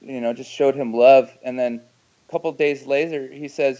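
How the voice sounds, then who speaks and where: A man being interviewed as a guest, talking earnestly and emphatically, with his loudness swinging up and down. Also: mid-range voice, steady tone, moderate pace, highs cut off.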